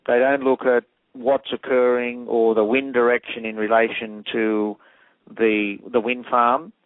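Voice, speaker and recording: A man's voice: medium pitch, little pitch movement, a little slow, no echo. A man, an acoustic engineer explaining technical details methodically in an interview. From Australia. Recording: tinny phone line.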